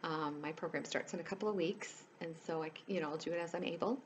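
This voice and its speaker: A woman coach with a lowish voice talks straight to her viewers, earnest and pleading. She fills her talk with "you know" as she goes. A faint hiss sits under the recording. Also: fast. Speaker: life coach. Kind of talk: casual direct-to-camera chat.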